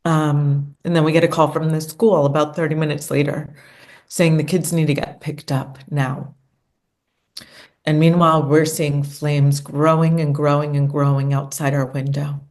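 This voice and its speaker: A woman's voice: deep voice, flat delivery, moderate pace, a little mellow. A middle-aged woman recounting a personal experience in an earnest, emotional way as an interview guest. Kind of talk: conversational interview storytelling.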